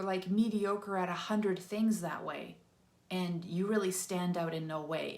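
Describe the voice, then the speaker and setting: Woman, channel host, casual advice to camera, animated, acts out quotes, echoey room. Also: lowish voice.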